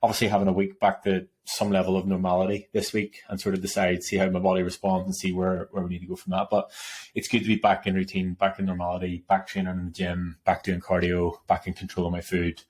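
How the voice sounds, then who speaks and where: Dude rambling fast through a story, lowish voice, laughs a lot, casual podcast chat. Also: male voice, slightly rough. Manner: animated storyteller, laughs often, swears casually. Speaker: podcast co-host.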